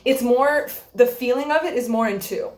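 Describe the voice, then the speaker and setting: A woman's voice: a little high, moderate pace. A young woman teaching a string student about rhythm and bowing, patiently explaining and often checking in with "okay?".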